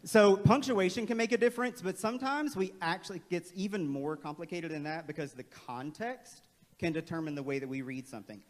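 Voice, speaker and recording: A man leading a playful, energetic, interactive staff training workshop in a large auditorium. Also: high-pitched, fairly quick. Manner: playful, energetic, calls on the crowd. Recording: long hall reverb.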